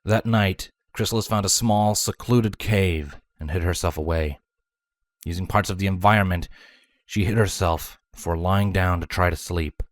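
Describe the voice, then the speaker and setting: Man, very deep voice, measured dramatic story narration, dry close sound. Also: dry recording. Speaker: fanfiction reader.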